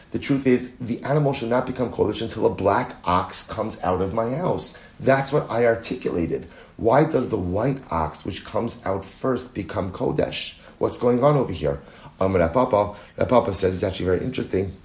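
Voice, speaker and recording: A man, a rabbi, teaching a daily Talmud class, animated and quick when he reads Aramaic quotes. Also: mid-range voice, echoey room. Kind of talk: Talmud lecture.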